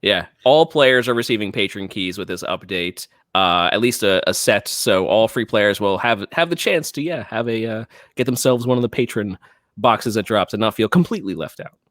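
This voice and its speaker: A man's voice: fairly low pitch, normal speed, a bit bright, no room sound. Man casually chatting on a gaming podcast. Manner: reads patch notes aloud, chatty with restarts. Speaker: podcast co-host.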